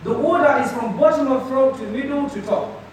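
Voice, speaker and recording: A high-voiced man teaches a class, calling out sounds and waiting for students to echo them back. His voice rings through an echoey room, picked up from a distance, with the murmur of a group around him. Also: normal speed. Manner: patient, drills students call and response. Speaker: Quran teacher. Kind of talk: classroom tajweed lesson. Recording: echoey room from far off, crowd noise.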